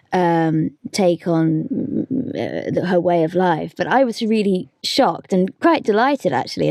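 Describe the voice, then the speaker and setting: A woman audiobook narrator talking over her work in a relaxed discussion, thoughtful and hesitant, with frequent laughter. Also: fairly low pitch, dry recording, clean studio sound. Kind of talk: conversational discussion.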